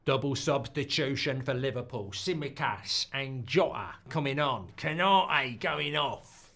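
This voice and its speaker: A man hosting a live football watchalong, reacting loudly to goals and swearing freely. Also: medium pitch, measured pace, creaky. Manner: excitable, swears, shouts at goals. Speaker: watchalong host.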